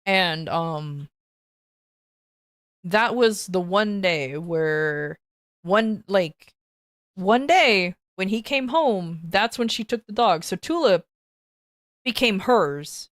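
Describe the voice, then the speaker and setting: A woman on a casual livestream tells a long story, swearing freely and restarting her sentences. Her voice sits at a medium pitch. The recording is dry and close, with no room sound. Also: lively intonation, takes it slowly, pauses often, no echo. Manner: profane, rambling, many restarts and fillers. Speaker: streamer.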